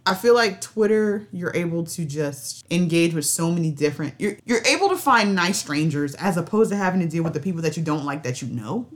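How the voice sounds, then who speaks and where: Low-pitched woman co-host, relaxed and chatty, rambles with fillers. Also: brisk, few pauses. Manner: chatty, laughs often, trails off with fillers. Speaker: podcast co-host. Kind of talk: casual chat.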